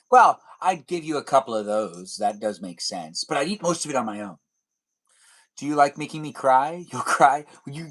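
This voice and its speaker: A man's voice: mid-range voice, fairly bright tone. Young male streamer, playful, teasing, rambling chat to viewers. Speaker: live streamer. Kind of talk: casual live stream chat reading comments.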